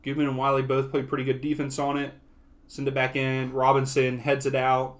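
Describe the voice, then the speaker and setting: A young man giving loose live commentary on a soccer match for his viewers. His voice sits at a middling pitch and stays chatty, then jumps into eager shouting when something happens. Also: brisk. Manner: excitable, casual play-by-play. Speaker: watch-along host.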